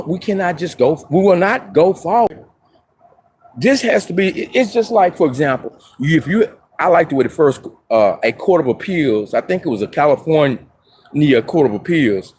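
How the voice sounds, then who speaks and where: A man making an impassioned spoken statement. He halts and restarts often, then rises into loud outbursts. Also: a little high, slight background noise. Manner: halting, with many restarts and fillers. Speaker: self-represented litigant.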